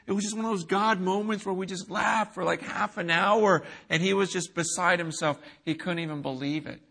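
A middle-aged man preaching a sermon, telling a story with acted-out quotes that swing from hushed to shouting. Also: sits high, fairly even intonation, normal speed, creaky. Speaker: pastor.

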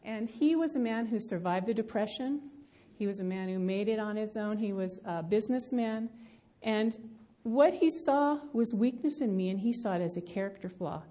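Mellow middle-aged woman teaching scripture. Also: mid-range voice, moderate pace. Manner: reflective, personal, frequent ums. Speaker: Bible study teacher. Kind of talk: teaching talk. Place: room with a live audience.

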